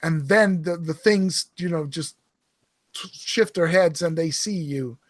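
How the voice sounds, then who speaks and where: Halting man running a tabletop game. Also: fairly high pitch, dry recording. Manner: halting, thinks aloud, lots of restarts. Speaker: game master.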